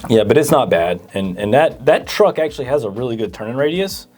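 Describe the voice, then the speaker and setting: A man's voice: mid-range voice, expressive, brisk, darkish tone, faint music behind. A man co-hosting a parts store Q&A, reading viewer questions and often stammering through fillers. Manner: hesitant, stammering with many fillers. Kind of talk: casual Q&A chat.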